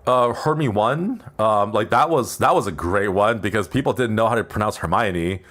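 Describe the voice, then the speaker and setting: A man's voice: fairly low pitch, lively intonation, fairly quick, a bit bright. A man streaming casually, rambling in a playful way and laughing often; English is not his first language. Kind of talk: casual live-stream chat.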